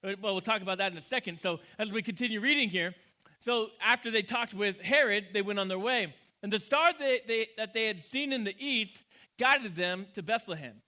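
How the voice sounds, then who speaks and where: A male pastor preaching in a conversational, humorous storytelling manner with quick asides. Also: high voice, bright, forceful tone. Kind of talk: sermon.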